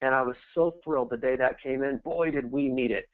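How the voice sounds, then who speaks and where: A middle-aged man giving a motivational sales presentation, pep-talk style, swelling to shouted peaks of encouragement. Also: mid-range voice, fairly quick, dry recording. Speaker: network marketing presenter. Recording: tinny phone-like dry sound.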